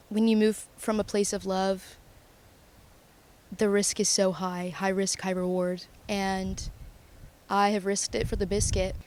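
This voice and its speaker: A young woman talking through her feelings in a confessional vlog, earnest and emotional, halting with pauses and restarts. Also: medium pitch, darkish tone. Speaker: vlogger.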